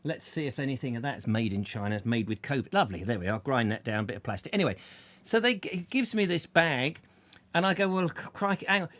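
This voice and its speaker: Chatty man hosting, lively pitch. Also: fast. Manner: chatty, jokey, rambling anecdotes with put-on voices. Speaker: host. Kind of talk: casual chat.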